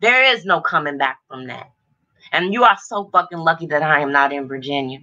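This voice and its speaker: A woman's voice: low voice, bright, forceful tone, muffled recording. A middle-aged woman hosting a livestream, ranting in furious, profane confrontation, agitated and overheated, and repeating her lines for emphasis. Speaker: livestream host. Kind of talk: angry livestream rant.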